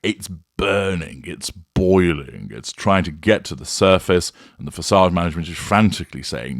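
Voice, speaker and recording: A man with a very low voice gives a slow, deliberate, analytical commentary. He speaks into a close mic with a dry, dead sound and no room around him. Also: expressive, dry recording. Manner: measured, deliberate, analytical delivery. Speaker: commentator analysing a public figure. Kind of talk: scripted commentary monologue.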